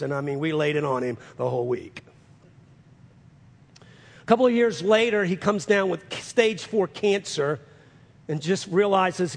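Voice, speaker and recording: A male pastor telling a story as part of a sermon, earnest and building to loud, fervent peaks. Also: on the high side, gravelly. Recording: long hall reverb.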